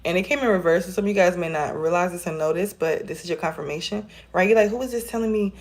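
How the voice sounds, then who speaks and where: A woman's voice: fairly low pitch, fast. Chatty woman reading tarot cards. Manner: chatty, encouraging, addresses viewers as y'all. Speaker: tarot reader. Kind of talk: casual tarot reading to viewers. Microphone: phone camera.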